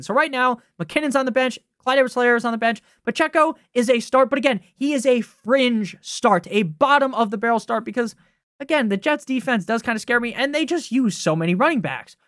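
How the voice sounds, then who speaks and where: A man's voice: extremely high pitch, expressive, fast, a bit bright, dry recording, studio quality. A man hosting a fantasy football podcast, giving casual, heated and sarcastic analysis full of swearing.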